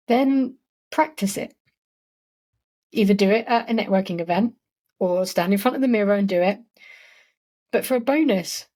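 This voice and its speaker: A woman's voice: mid-range voice, a little mellow. A woman hosting a solo podcast, giving marketing advice in a chatty, encouraging way with frequent "like" and "you know". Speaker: podcast host.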